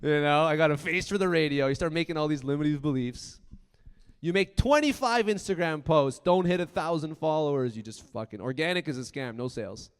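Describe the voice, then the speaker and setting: A man's voice: a little high, brisk, smooth. Profane, punchy man on a stage. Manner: profane, swings from loud bursts to quiet asides. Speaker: conference speaker. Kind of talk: motivational keynote talk. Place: large conference hall. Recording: long hall reverb.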